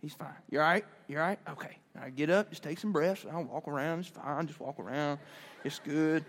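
A man voicing his calm country father, low, hushed and reassuring. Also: moderate pace, in a large hall. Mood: soothing. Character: calm country dad, steady and soothing.

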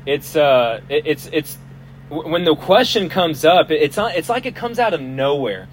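A man's voice: fairly high pitch, very animated, moderate pace, poor audio. A man preaching a casual, joking sermon at an outdoor festival, often restarting his words. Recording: outdoor recording, faint hum and passing vehicles.

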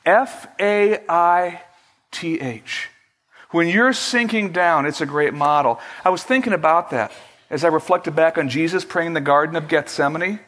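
A man preaching a sermon as pastor, measured and emphatic, slowing down for prayerful quotes. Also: on the high side, fairly bright tone. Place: church sanctuary.

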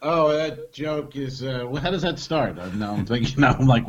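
A man's voice: medium pitch, normal speed, slightly rough. A man co-hosting a comedy podcast, telling jokes and road stories in loose, casual chat and swearing freely.

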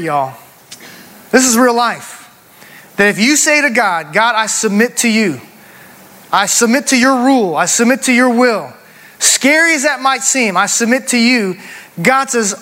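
A man's voice: very high voice, sharp tone. A man in his forties preaching a sermon, telling a personal story with emphasis and calling the congregation "y'all". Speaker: pastor. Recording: long hall reverb.

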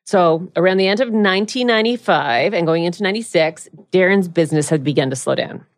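A woman's voice: fairly low pitch, fast talker, dry recording, clean studio sound. A woman in her thirties co-hosting a podcast, telling a true crime case in casual chat and laughing and swearing freely.

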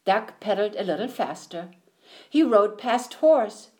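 A woman reading a picture book aloud in an expressive, sing-song storytelling manner. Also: medium pitch, measured pace. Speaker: storybook reader.

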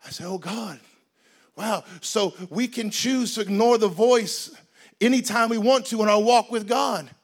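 A man preaching a sermon in a lively, comic storytelling way, with bursts of shouting. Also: very high voice, normal speed.

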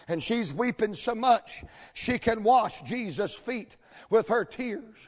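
A man preaching a folksy sermon in a church, telling the story with energy and building to shouts. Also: very high-pitched, lively intonation, slow pace. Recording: long hall reverb.

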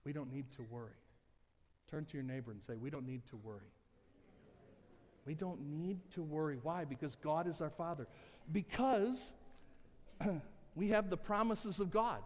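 A man preaching a sermon as pastor, with humor, moving between soft conversational asides and loud emphatic passages. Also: on the high side, unhurried, pauses often. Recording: long church hall reverb.

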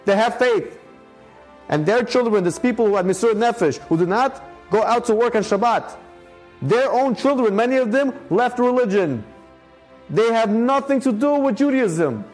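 High-voiced, emphatic rabbi. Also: male voice, expressive, normal speed, darkish tone, soft background music. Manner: emphatic and repetitive, sprinkled with Hebrew terms. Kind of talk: short recorded Torah lesson.

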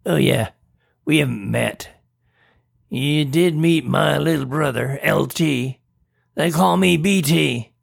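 Man voicing a gruff goofy ink monster. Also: a little high, slow pace, no echo, studio quality, voice pushed up, full character voice. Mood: chummy. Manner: gruff, casual and chummy. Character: goofy horned male ink-blot monster, cheeky.

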